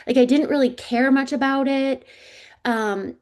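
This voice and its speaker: A woman's voice: high-pitched, a little slow. Chatty woman in her forties. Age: 40s. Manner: casual, chatty, quotes others in lively voices. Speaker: psychic coach, guest. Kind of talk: personal storytelling in an interview.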